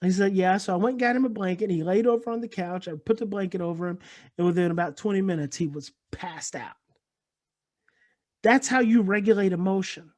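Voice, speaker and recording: A man giving an earnest lecture about parenting. He tells a personal story, repeats key points and explains them calmly. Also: high-pitched, fairly quick. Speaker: speaker on parenting and attachment.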